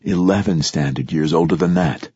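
A man voicing a tender, teasing young woman lover in a soft, hushed whispered role-play within an audiobook. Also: deep voice, moderate pace, husky, highs cut off.

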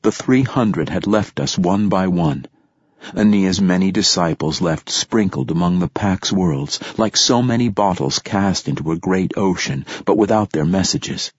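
A man reading a first-person story aloud as narrator, measured and steady. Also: low-pitched, husky, no echo, highs cut off. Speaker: audiobook narrator. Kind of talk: scripted narration.

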